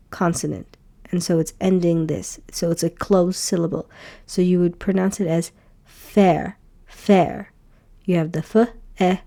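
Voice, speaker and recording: A woman with a mellow, slightly low voice talks through a beginner lesson. She is patient and repeats each sound slowly so learners can follow. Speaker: Hebrew teacher.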